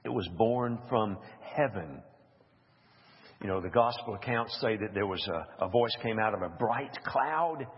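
Husky slow-spoken man teaching scripture. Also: on the low side, expressive. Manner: slow, musing, reads scripture aloud with asides. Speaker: Bible teacher. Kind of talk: informal Bible study teaching. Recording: dull lo-fi recording with long hall reverb.

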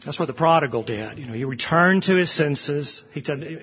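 Male pastor, somewhat high voice, fervent sermon delivery, long church echo. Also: lively intonation, normal speed, husky. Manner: impassioned preaching, rising for quoted scripture. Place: church sanctuary. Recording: dull sound with long hall reverb.

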